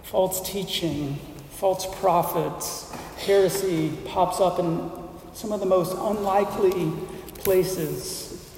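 A male pastor with a high, mellow voice preaches an unhurried sermon, pausing between phrases and building emphatic lists. He sounds a little distant from the mic, and his voice rings through a large, reverberant church hall. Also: steady tone, slight background noise. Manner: measured preaching with deliberate pauses and emphatic lists.

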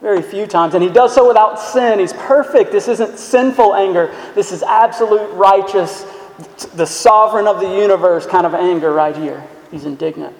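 A man's voice: high-pitched, normal speed. A man preaching a sermon as a pastor, earnest and emphatic, asking the listeners questions. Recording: echoey hall sound.

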